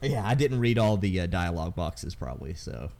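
Man, very low voice, podcast host, casual gaming chat, rambling. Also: sing-song, fairly quick, crowd noise. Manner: rambling, full of ums and restarts.

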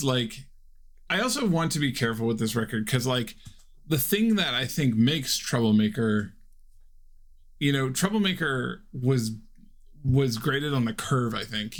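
A man hosting a casual podcast chat, rambling and hesitant, restarting his thoughts. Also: medium pitch. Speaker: podcast host.

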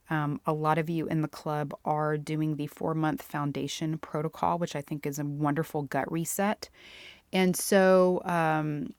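A woman's voice: low voice, dry recording. A woman hosting her own podcast, talking casually and directly to the listener as her friend. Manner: chatty, warm-hearted, addresses listener as "my friend". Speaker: podcast host. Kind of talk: casual solo podcast monologue.

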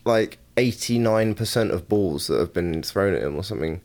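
A man co-hosting a casual sports podcast, talking excitably in quick profane bursts. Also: sits low. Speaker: podcast co-host.

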